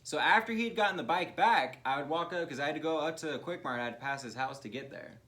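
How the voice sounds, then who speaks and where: A man, co-hosting a comedy podcast and telling profane, laughing childhood stories. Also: quick pace. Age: 20s. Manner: profane, laughing, drops into low flat voice to quote others. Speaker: podcast co-host. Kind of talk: casual comedic storytelling.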